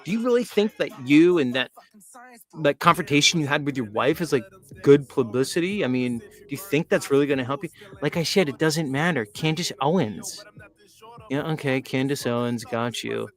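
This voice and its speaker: A man's voice: medium pitch, fairly quick. Mocking, rambling male show host. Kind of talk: casual livestream talk.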